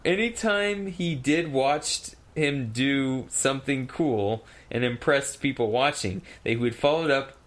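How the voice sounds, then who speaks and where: A man's voice: medium pitch, fairly even intonation, a little slow, few pauses. A man in his thirties co-hosting a podcast, reading messages aloud and riffing on them with laughter. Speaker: podcast co-host. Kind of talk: casual chat, reading listener mail.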